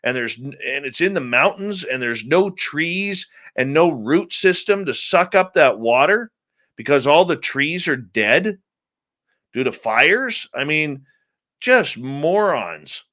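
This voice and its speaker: A man's voice: fairly high pitch, lively intonation, slow pace, bright, forceful tone. A middle-aged man hosting a radio show, chatting casually, greeting viewers by name and ranting bluntly. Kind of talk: casual live-stream chat.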